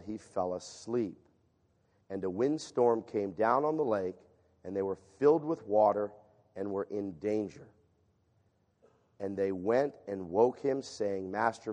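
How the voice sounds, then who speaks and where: A man preaching a sermon and reading scripture aloud, shifting from loud emphatic passages to hushed reading. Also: medium pitch. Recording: long reverb of a large hall.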